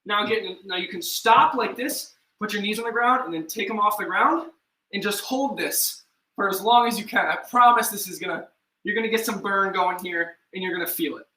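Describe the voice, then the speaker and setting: Brief: young male fitness coach, high bright voice, talkative and joking, echoey room, mic a few feet away. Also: fairly quick, far from the mic. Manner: chatty, self-deprecating, counts down reps. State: out of breath at times. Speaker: fitness instructor. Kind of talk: live workout class instruction.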